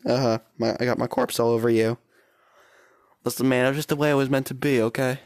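A young man giving playful, excitable commentary while playing a VR game, often shouting and exclaiming. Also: mid-range voice, fairly quick, no room sound, clean studio sound. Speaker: gaming YouTuber.

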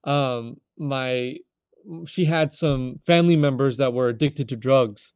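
A man in his thirties from California, telling his life testimony as a guest in an earnest, halting way, often repeating words as he restarts. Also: medium pitch, a little mellow, clear, resonant tone, no room sound, clean studio sound. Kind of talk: personal testimony storytelling.

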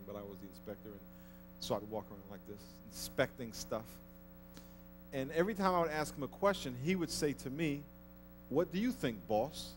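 In a church sermon, a man with a mid-range voice starts with relaxed, conversational storytelling, then builds to forceful exhortation as he presses his point. A little hiss or hum sits under the audio.

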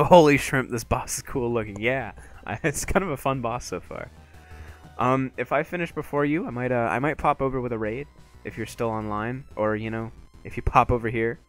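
A man streaming a video game live, excitably talking himself through boss fights and swearing often. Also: medium pitch. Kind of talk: live gameplay commentary.

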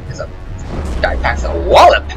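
A man hosting a gameplay video, chatting casually with rambling restarts and excitable exclamations. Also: moderate pace, over loud music, low-quality recording. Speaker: gaming video host.

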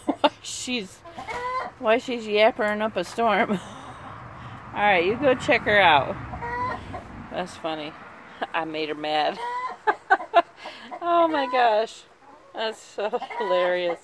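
Slow-talking homey woman, outdoors. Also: fairly high pitch, background noise. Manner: chatty and homey, laughs often, coos at the hens in a sing-song voice. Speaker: vlogger filming her backyard chickens. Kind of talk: casual chat while filming. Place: outdoors in a backyard by a chicken coop. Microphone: handheld phone camera. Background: faint clucking chickens.

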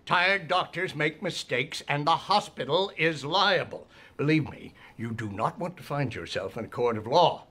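An actor playing a pompous, stingy older hospital chief in a TV comedy, condescending and clipped. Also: male voice, a little high, expressive, moderate pace, sharp tone, slightly rough, full character voice.

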